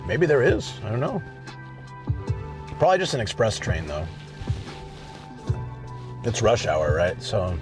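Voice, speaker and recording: A man's voice: on the low side, sing-song, unhurried, pauses often, music in the background. A man hosting a live stream, chatting casually and answering viewers as he goes, by a car at a parking lot.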